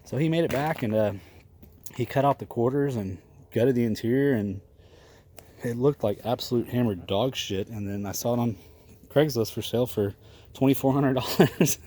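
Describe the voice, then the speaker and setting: A man's voice: mid-range voice, moderate pace, mellow, slight background noise. A man, telling a casual, profane, rambling story about old cars. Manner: profane, rambling, laughs often. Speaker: garage vlogger.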